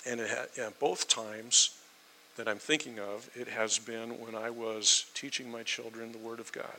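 A man's voice: mid-range voice, steady tone, normal speed, sharp tone, a little hiss or hum, poor audio. A middle-aged man preaching a sermon, telling stories with emphasis. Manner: storytelling, emphatic. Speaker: pastor.

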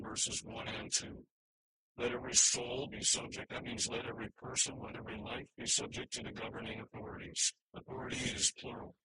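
A man's voice: mid-range voice, pushed and bright, poor audio. A man preaching a sermon, earnest and emphatic, with frequent restarts as he works through scripture slides. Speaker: pastor.

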